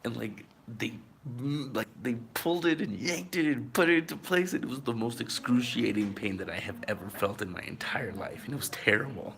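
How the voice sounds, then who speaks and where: Gravelly, rambling man vlogger. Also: medium pitch, normal speed, a bit bright, slight background noise. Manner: rambling, many fillers. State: out of breath. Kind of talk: casual storytelling to camera.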